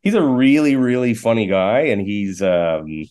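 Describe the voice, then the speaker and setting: Canadian guy in his 40s telling rambly self-deprecating jokes, lowish voice. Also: big pitch swings, measured pace, a little mellow, clean tone. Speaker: guest, actor and comedian. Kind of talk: casual interview chat.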